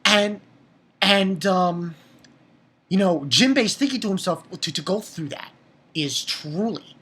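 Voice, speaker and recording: Husky low-voiced woman recapping an episode. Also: expressive, measured pace, a bit bright. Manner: rambling recap with many restarts and swearing. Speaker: anime episode reviewer. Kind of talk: casual spoken episode review.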